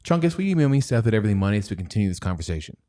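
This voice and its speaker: Male stream host, low voice, rambling jokey banter, reads chat aloud. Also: big pitch swings, racing, mellow. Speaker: livestream host. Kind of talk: casual banter on a stock livestream.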